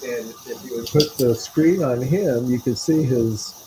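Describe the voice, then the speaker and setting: A man's voice: medium pitch, unhurried. A man hosting a podcast who opens the episode in a loose, joking way and introduces the guest. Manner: jokey and loose, laughs between takes. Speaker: podcast host. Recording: noticeable background hiss.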